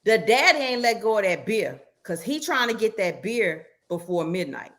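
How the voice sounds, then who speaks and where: A woman's voice: medium pitch, very animated, normal speed, fairly bright tone. A woman hosting a casual podcast, telling a story in an emphatic, exasperated way. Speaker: podcast host.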